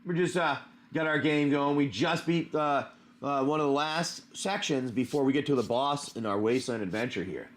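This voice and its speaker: A man's voice: mid-range voice, normal speed. A man hosting a live card-opening stream, chatting casually and greeting viewers by name with plenty of "um" and "uh".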